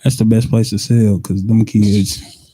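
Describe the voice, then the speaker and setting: A man's voice: lowish voice, level tone, unhurried, dark tone, husky. A man joking around casually on a radio talk show. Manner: joking, laid-back. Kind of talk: casual chat.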